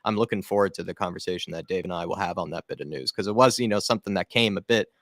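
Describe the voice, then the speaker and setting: A man's voice: low-pitched, rapid-fire, a bit bright, no echo, clean studio sound. A man co-hosting a fan channel, chatting casually on a live stream in a rambling way, full of "you know".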